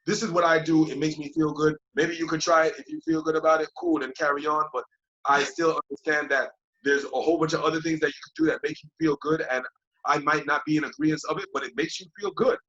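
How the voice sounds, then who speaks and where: In a dull, lo-fi podcast recording, a male guest with a fairly high voice talks at a quick pace; he's a yoga teacher. He reflects casually and repetitively, keeps tossing in "you know what I mean," and dramatizes his past thoughts with lively quoted voices.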